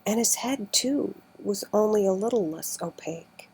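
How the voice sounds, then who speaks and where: A woman narrating an old adventure book in a slow, careful audiobook reading that often sinks to a near whisper. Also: medium pitch, darkish tone, breathy edge, poor audio.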